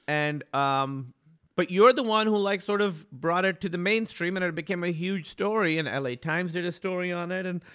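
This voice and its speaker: A man chatting casually as a podcast guest. He talks in an animated, profane way, with laughing asides. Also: high voice, moderate pace, clean tone. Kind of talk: casual chat.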